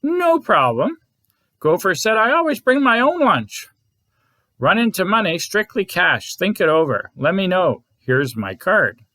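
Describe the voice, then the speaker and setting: Storybook critter: a man voicing a brisk, clipped gopher contractor, higher-pitched and all business. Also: big pitch swings, pushed and bright, no echo, exaggerated voice.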